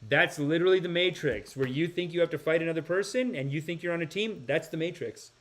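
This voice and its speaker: A man's voice: fairly high pitch, fast talker, fairly bright tone. Rambling, sighing podcast host, man. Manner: rambling, sighing, slips into impressions. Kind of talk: casual podcast commentary, reading comments.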